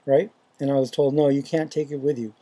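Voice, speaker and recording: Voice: mid-range voice, fairly even intonation, fairly quick, warm tone. A faith vlogger casually retelling a dream, rambling and hesitant, with lots of fillers and restarts.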